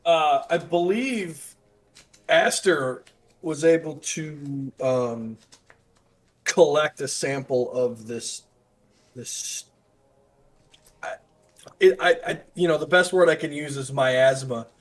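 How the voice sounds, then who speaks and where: A man's voice: on the high side, takes it slowly, long pauses. A man playing a tabletop game, speaking in character in a hesitant way, searching for words. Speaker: player.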